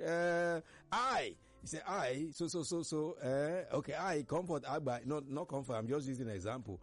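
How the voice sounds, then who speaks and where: A man's voice: fairly high pitch, moderate pace, faint music behind. A Nigerian man hosting a casual current-affairs talk show, chatty, laughing as he tells stories. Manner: chatty, laughs while telling stories, mimics others.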